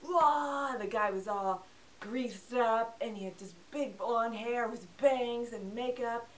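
Young female film-review host, sarcastic and chatty, slightly high voice, recorded a little off-mic. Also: fairly even intonation, takes it slowly. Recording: voice a bit distant from the mic.

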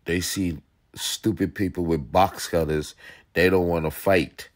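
Gruff, profane man ranting about dogs. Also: sits low, steady tone, a little slow, no echo, studio quality. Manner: blunt, profane, street slang. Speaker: dog channel host. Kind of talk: casual commentary reacting to a video.

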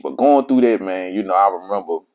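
A man's voice: low voice, brisk, darkish tone. A man who is a father, telling his own life story in casual, slangy speech and repeating himself for emphasis. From Mississippi. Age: adult father of children.

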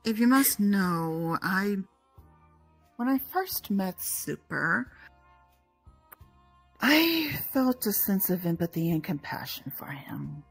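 A woman's voice: medium pitch, animated, takes it slowly, faint music behind. A woman playing a motherly older woman who dotes on a young hero and playfully pries into her friend's feelings, in a fan audio drama. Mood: tender, wistful. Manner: playfully prying, mock-stern.

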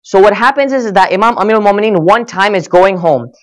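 A man's voice: high voice, lively intonation, fast talker, fairly bright tone. A man giving a sermon, telling stories earnestly and voicing the quoted lines with rising and falling emphasis. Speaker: speaker at a religious gathering. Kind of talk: sermon storytelling.

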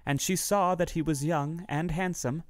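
In a storybook reading, a male narrator delivers a fairy tale steadily and at a measured pace, his voice a bit high for a man. The recording is close and dry, with no room sound.

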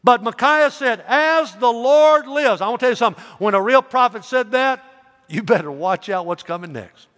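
A male pastor preaching a sermon, telling a story with animated voices and calling out questions to the congregation. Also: sits high, brisk. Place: church. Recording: echoey church hall reverb.

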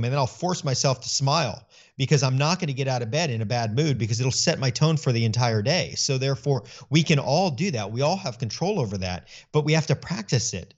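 A middle-aged man speaking earnestly in an interview, telling stories with animated voicing of his own thoughts. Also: mid-range voice, lo-fi sound. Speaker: guest. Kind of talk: conversational interview.

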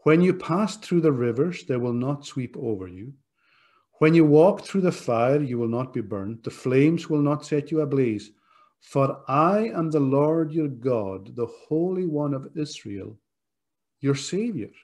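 A man's voice: medium pitch, expressive, unhurried, darkish tone. A man preaching a sermon as pastor, earnest and direct, appealing to his listeners. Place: church.

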